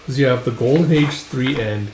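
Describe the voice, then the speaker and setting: Man, casual comic recap, filler-heavy, medium pitch, echoey room. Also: fairly quick, a little mellow, a little hiss or hum. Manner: loose, filler-heavy retelling. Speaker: comics reader and commentator. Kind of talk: casual read-through recap. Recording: roomy echo.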